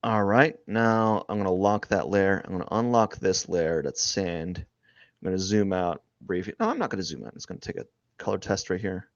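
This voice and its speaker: A man with a low, gravelly voice narrates his drawing on a live stream, rambling as he thinks aloud and restarting his sentences. The sound is dry and a little dull and lo-fi. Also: normal speed, dry recording. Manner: rambling, thinking aloud, many restarts, often trailing off quietly.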